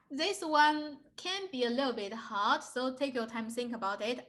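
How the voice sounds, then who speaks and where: A woman's voice: high voice, expressive, takes it slowly, sharp tone. A young woman with a Chinese accent, a native Mandarin speaker teaching a beginner lesson, patiently repeating words and checking with "right?".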